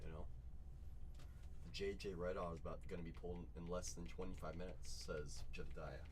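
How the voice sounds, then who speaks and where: A man hosting a live card break from a shop, excitedly chatting with viewers, repeating catchphrases and calling out their names. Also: low voice, brisk. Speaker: livestream card break host. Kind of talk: excited live sales chat.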